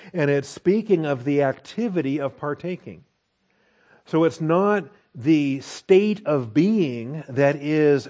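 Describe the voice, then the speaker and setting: A man's voice: on the high side, darkish tone. A middle-aged man teaching through a Bible book verse by verse, talking in a conversational way and often checking in with "okay?".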